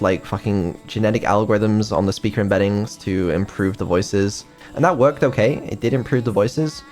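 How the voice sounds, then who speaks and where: A man's voice: mid-range voice, a little mellow. A man streaming casually as a developer, hesitant and full of ums, with some casual swearing. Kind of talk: casual live-stream chat. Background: faint music.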